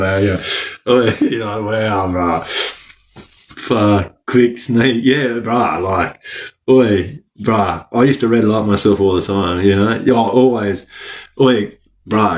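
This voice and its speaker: A man's voice: fairly low pitch, slow. A man, telling stories as a podcast guest in a rambling, slang-filled way that is broken up by frequent laughs. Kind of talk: casual storytelling.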